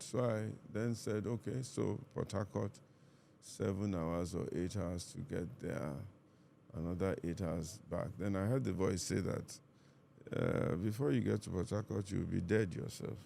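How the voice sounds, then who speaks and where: Deep gravelly Nigerian pastor. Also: male voice, a little hiss or hum. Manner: calm, measured, reenacts dialogue. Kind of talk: reflective storytelling in conversation.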